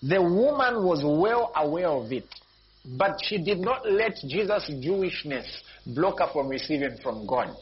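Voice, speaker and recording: A pastor preaching a sermon, repeating phrases and jumping up in pitch and volume for emphasis. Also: male voice, big pitch swings, measured pace, breathy edge. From Zambia. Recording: dull lo-fi recording with faint noise.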